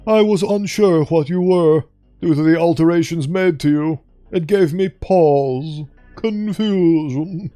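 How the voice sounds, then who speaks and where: A man voicing an ancient reptilian monster, the steed of Death, with posh, slow and formal speech. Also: on the high side, dark tone, no echo, clean studio sound, faint music behind. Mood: cold, formal. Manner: formal, measured, posh diction.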